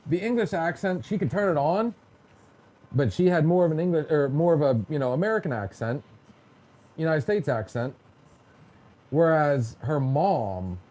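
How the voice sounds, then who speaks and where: A man's voice: on the high side, animated, a little slow, long pauses, mellow. Chatty joking man hosting a podcast. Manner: chatty and joking, mimics voices in quotes. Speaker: podcast host. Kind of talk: casual storytelling chat.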